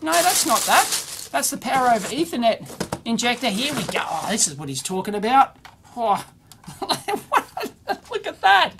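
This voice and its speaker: Speaking in a very high-pitched voice, a middle-aged man hosts an electronics video at a brisk, animated clip, with some background noise audible. He opens viewer mail in casual, exclamatory commentary, bluntly scornful and full of rambling digressions.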